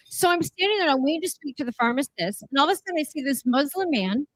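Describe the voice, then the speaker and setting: A woman speaking as a city councillor at a gala, telling an animated personal story with emphatic repetition. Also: high-pitched, fast, low-quality recording. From Canada. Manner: emphatic, repeats key lines.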